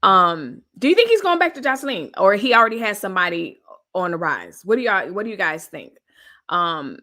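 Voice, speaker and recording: A woman's voice: fairly low pitch, sharp tone. Chatty woman hosting a live stream. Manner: chatty, colloquial, addresses viewers as y'all. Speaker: host of a live news commentary stream. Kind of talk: casual live-stream chat reading viewer comments.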